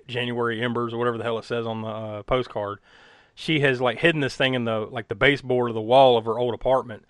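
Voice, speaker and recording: A man's voice: mid-range voice, fairly bright tone, no room sound. A man recapping a movie in casual chat, rambling with many fillers and frequent laughs. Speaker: podcast co-host recapping a film.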